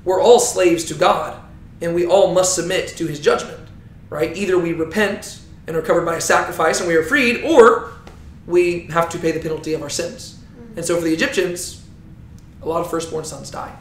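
A man's voice: a little high, moderate pace, slight background noise. A man teaching a Bible lesson, telling the story with animation and often checking in with "right?". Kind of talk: teaching talk. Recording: roomy echo.

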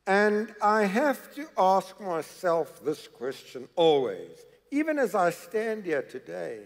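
Guy preaching slow and dramatic, bit high voice, big echoey church hall. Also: very animated. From South Africa. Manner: emphatic, slow and dramatic with repeated phrases. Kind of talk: sermon.

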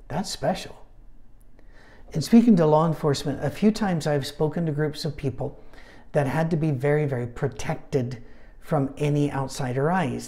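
A man's voice: fairly high pitch, dark tone. A man teaching a midweek Bible study in a chatty, anecdotal way, with humorous asides.

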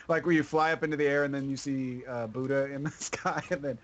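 A man's voice: mid-range voice, steady tone, brisk, highs cut off. A young man co-hosting a casual gaming chat, joking and laughing often. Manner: joking, laughs often, breaks into sung lines. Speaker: gaming show co-host.

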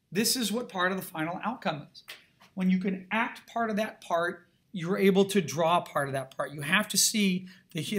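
In a high-pitched, slightly bright voice, a middle-aged man leads an art class lecture. His style is emphatic and conversational, with regular check-ins with the students.

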